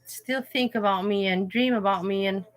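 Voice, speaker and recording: Speaking at a moderate pace in a mid-range voice, a livestream host chats casually and tells personal stories in a frank, rambling, emotional manner.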